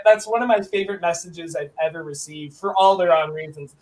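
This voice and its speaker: Guest spot: high-pitched young man in his twenties, animated, self-mocking storyteller. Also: brisk, few pauses, slight background noise. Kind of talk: casual storytelling chat.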